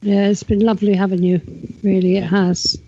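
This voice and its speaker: A woman's voice: medium pitch, level tone, brisk, mellow, slightly rough, muffled recording. A woman co-hosting a radio show, chatting informally. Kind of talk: casual radio chat.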